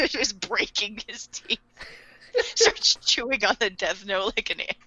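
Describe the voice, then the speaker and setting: A woman's voice: mid-range voice, sing-song, slow pace, bright, forceful tone, breathy edge, dry recording, muffled recording. A woman co-hosting a casual podcast chat, retelling scenes with giggles and acted-out quotes. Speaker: podcast co-host.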